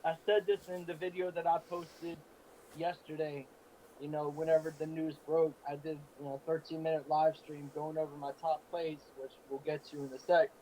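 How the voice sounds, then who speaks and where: A man's voice: on the high side, flat delivery, normal speed, warm tone, a little hiss or hum, low-quality recording. A man telling sports stories in an earnest, emotional way during a casual talk show. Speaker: co-host.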